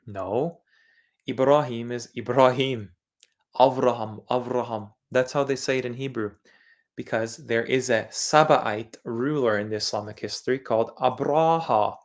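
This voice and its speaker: A man from Eastern Europe hosting a livestreamed religious monologue. He lectures insistently and says words over and over while he explains them. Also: mid-range voice. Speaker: channel host.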